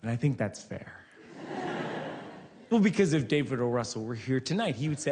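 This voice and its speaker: A man performing stand-up comedy on a theater stage, telling a story in a deadpan way with acted quotes, over audience laughter. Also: medium pitch, moderate pace, long pauses, crowd noise. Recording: live theater recording with long reverb.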